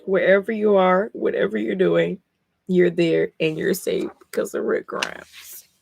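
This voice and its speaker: A woman's voice: lowish voice, steady tone, unhurried, creaky, darkish tone, soft background music. A woman streaming live as she reads comics aloud and reacts, emotional and blunt, swearing freely between passages.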